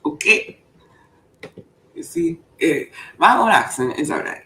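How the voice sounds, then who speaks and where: A man on a voice chat reading speeches in a jokey, mock-preacher way, swinging between loud and whispered lines. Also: fairly high pitch, big pitch swings, a little slow, long pauses, a little hiss or hum, low-quality recording. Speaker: show host. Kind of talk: playful Discord voice-chat reading.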